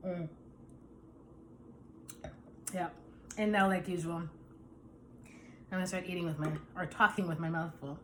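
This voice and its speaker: A woman's voice: fairly low pitch, measured pace, long pauses, slight background noise. Chatty woman tasting and pairing food. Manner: chatty, savoring, relaxed with fillers. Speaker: wine pairing vlogger. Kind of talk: casual tasting talk to camera.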